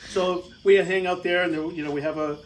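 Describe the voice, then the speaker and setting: A man's voice: high voice, fairly even intonation, fast, slight background noise, low-quality recording. A middle-aged American man telling a rambling, casual travel story over slides, with lots of fillers and laughs. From United States.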